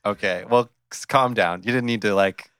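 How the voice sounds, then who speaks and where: A man hosting a comedy podcast in his studio, bemused and halting, with lots of fillers. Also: on the low side, a bit bright, clean tone, dry recording. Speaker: podcast host. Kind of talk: improvised comedy podcast chat.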